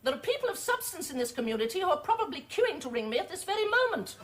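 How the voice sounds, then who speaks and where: An actress playing a snobbish, pompous middle-aged housewife with prim, affected diction, from a sitcom clip. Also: female voice, very high-pitched, big pitch swings, quick pace. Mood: haughty. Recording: TV sitcom clip with loud noise and laugh track.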